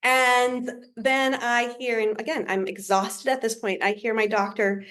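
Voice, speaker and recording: A woman who is a podcast guest, telling a story in a casual, humorous and animated way. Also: a little high, a little slow.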